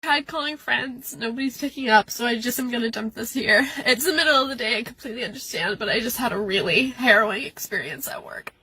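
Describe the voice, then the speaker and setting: A woman's voice: fairly high pitch, pushed and bright, breathy edge. A young adult woman venting through tears about a hard day, recorded outdoors at a beach. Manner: tearful, upset, rapid venting. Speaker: person venting in a posted video. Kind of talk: emotional personal venting.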